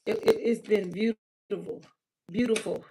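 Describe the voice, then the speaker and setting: Woman, tarot reader, livestream chat, emotional, close to tears, repeats phrases, mid-pitched voice. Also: steady tone, a little slow, creaky, heavy background noise. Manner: emotional, repeats herself, addresses viewers as girl; spiritual, ends with a prayer. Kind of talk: emotional live-stream chat.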